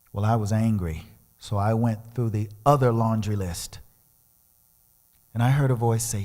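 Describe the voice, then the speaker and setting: A man's voice: fairly low pitch, unhurried, pauses often, a little mellow. A male guest speaker and musician giving a storytelling sermon, dramatically acting out the voices in his story. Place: large church sanctuary. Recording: long reverb of a church hall.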